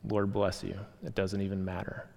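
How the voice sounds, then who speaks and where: A man voicing a calm, gentle spirit who answers patiently in a lowered, soft voice. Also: moderate pace, gravelly. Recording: long hall reverb.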